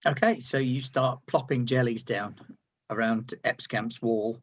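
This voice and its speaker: A man with a husky, slightly breathy voice runs a tabletop game as game master. He describes each scene patiently and reassures his players as they act. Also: mid-range voice, measured pace, lo-fi sound.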